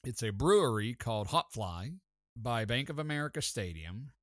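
A man hosting a sports talk show, telling stories in an excited, chatty way. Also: mid-range voice, moderate pace, no room sound, clean studio sound. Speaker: sports podcast host. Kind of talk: casual sports talk storytelling.

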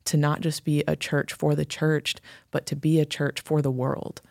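Female podcast co-host, reflective, with a gravelly and fairly flat voice. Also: low-pitched, moderate pace, no echo, studio quality. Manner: reflective, frequent affirming murmurs. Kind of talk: casual conversation about church.

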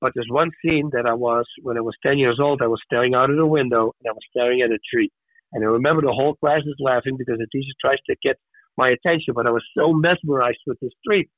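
A man on a podcast, telling personal stories in a lively, animated way and acting out the voices of the people in them. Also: mid-range voice, quick pace, dry recording. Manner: animated storyteller who acts out voices. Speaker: podcast guest. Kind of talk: casual storytelling. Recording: tinny phone-like dry sound.

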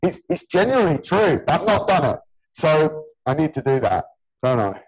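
A man in his early forties, a gym owner and personal trainer, hosts a casual podcast with a fairly high, very animated voice at a moderate pace, breathy at the edges. The audio is poor. He's blunt and earnest, swearing freely and calling the other man "mate" again and again.

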